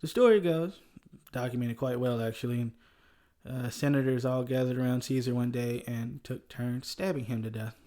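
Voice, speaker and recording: A man's voice: medium pitch, normal speed, warm tone. A man with a Southern US accent hosting a casual history podcast, chuckling often as he talks. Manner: chuckles often, loose and conversational. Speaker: podcast host.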